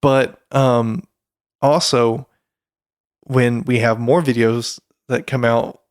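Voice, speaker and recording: A man's voice: mid-range voice, fairly even intonation, slow, dry recording, clean studio sound. A man, co-hosting a casual podcast, rambling with fillers and restarts. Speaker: podcast co-host.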